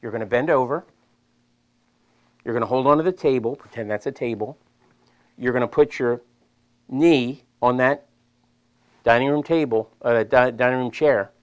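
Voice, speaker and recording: A man's voice: medium pitch, normal speed, long pauses. Chatty Delaware man teaching a seminar. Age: middle-aged. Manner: animated, chatty, repeats himself for emphasis. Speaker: physical therapist presenter. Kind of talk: live seminar demonstration. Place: seminar room with an audience.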